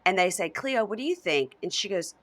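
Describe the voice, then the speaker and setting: Woman, podcast chat, animated storyteller, bright tone, swooping pitch, does voices for quotes. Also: fairly quick. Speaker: podcast co-host. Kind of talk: casual chat recapping a reality show.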